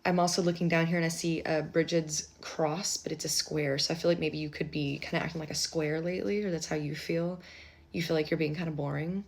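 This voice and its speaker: A woman giving a casual live tarot reading, chatty and rambling, with offhand asides and quiet muttering. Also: deep voice, fairly even intonation, fairly quick, vocal fry. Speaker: tarot reader.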